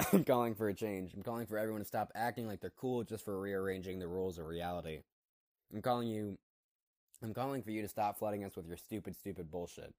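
A profane, preachy artist lays into his peers, voiced by a man reading a story aloud, in a very low, deep voice with a dry, scratchy throat. The delivery is crude and sermon-like, and the sound is close and dry, with no room echo. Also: brisk, a little mellow, natural voice. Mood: ranting. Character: ranting male artist addressing fellow artists.

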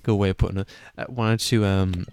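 A man's voice: sits low, fairly even intonation, a little fast, darkish tone, smooth, dry recording. A man co-hosting a podcast in casual chat, crude and joking, swearing a lot. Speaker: podcast co-host.

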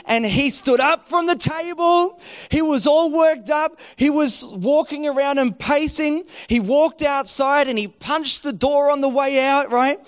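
A middle-aged man preaching a sermon, telling a story with lively acted-out quotes. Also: high voice, unhurried. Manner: animated storytelling, acting out quoted voices. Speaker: pastor.

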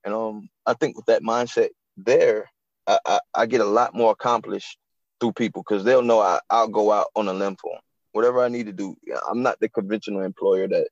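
A man who manages a restaurant, guest on a podcast, talking earnestly in a halting way and often repeating words. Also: fairly low pitch, steady tone, no room sound, highs cut off. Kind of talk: casual interview chat.

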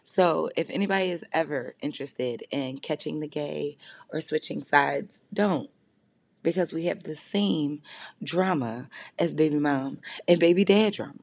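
A woman with a lowish voice talks straight to the mic in a loose, confessional monologue. She rambles from topic to topic and swears freely, and the sound is dry and close. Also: unhurried, gravelly, a little mellow, slightly rough, no room sound. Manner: blunt and heavily profane. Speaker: podcast host.

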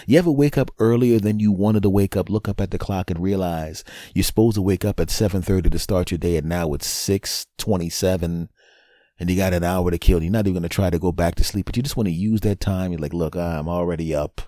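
A man hosting a podcast, delivering a comedic monologue and acting out scenes, jumping between loud outbursts and hushed whispers. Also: deep voice, fast talker, no room sound, studio quality. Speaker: podcast host.

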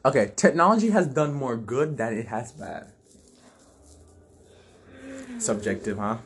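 Blunt animated young man, husky voice. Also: mid-range voice, a little slow. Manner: blunt, laughs easily, animated storytelling. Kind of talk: casual chat.

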